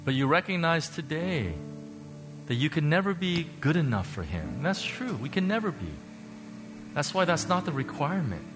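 Guy preaching a sermon, gets loud then goes quiet, music going clearly behind him. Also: on the high side, sing-song, moderate pace. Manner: passionate preaching, swings from loud to hushed. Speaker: pastor. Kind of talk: sermon with altar call. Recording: music playing under the preaching. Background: worship music.

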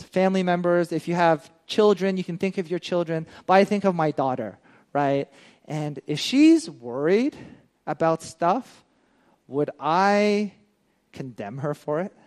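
A man preaching a sermon in a relaxed, conversational way, often checking in with his listeners and retelling stories with animation. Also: high voice. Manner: conversational, with frequent "right?" asides.

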